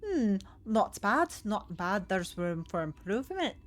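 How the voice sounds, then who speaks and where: A woman's voice: mid-range voice, big pitch swings, a little slow. Lady putting on a bossy dwarf guy, scottish brogue, scolding and blustery. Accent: put-on Scottish.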